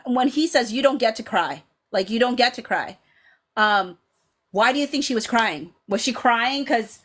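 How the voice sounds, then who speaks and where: A woman in her thirties hosting a casual live stream. She reads viewers' comments aloud and talks in an animated way, full of fillers, often acting out lines from the scenes she describes. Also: sits high. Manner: animated, chatty, lots of fillers, quotes scenes dramatically. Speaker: podcast host reading live chat.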